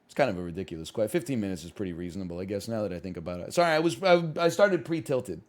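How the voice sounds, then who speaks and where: A man streaming live, chatting casually while he plays a game, rambling and often rising to loud outbursts. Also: fairly low pitch, expressive, very fast.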